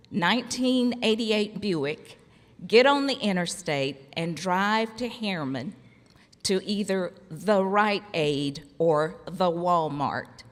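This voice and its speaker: A middle-aged woman giving a commencement speech, telling humorous family stories with a slow, deliberate delivery and pauses for laughs. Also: mid-range voice. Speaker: commencement speaker, former college faculty member. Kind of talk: formal ceremony speech with humorous storytelling. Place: large hall at a graduation ceremony. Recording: long reverb of a large hall.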